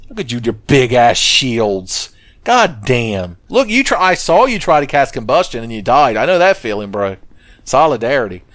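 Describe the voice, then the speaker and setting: A man rambles through a casual let's play, joking and swearing as he goes. His delivery is lively, with pitch that swings widely. The voice sits at an ordinary middle pitch for a man. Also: normal speed, no room sound. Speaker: gaming channel host.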